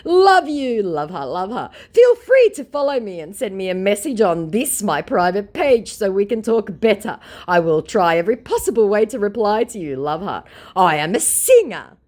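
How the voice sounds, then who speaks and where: A woman putting on an arrogant male scammer, his broken English read out in a high, lilting, slowed voice that swings wildly in pitch. He sounds pushy and indignant. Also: very animated, a little mellow. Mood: gushing. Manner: indignant, demanding.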